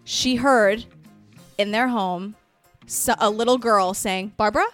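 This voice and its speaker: A woman's voice: mid-range voice, slow pace, faint music behind. A young woman co-hosting a casual podcast, telling stories in a chatty way and laughing often. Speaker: podcast co-host. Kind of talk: casual chat.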